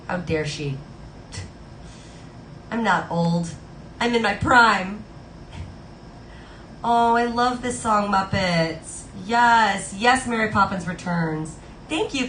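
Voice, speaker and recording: A woman's voice: mid-range voice, fairly bright tone, a little hiss or hum. A woman in her thirties chatting casually with viewers on a live stream and reading out their comments. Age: 30s. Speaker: streamer playing Disney songs on request. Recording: echoey room with music playing.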